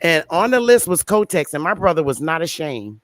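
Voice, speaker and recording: A woman's voice: deep voice, sing-song, moderate pace. A woman hosting her channel's panel, chatting casually and laughing often. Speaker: channel host.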